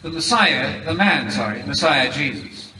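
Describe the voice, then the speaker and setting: A British man delivers a formal debate statement in a measured, emphatic manner, slowing down to stress key words. His voice is bright and pitched a little high. He sounds far from the microphone in a big echoing hall. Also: animated. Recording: echoey hall, heard from far off, background noise.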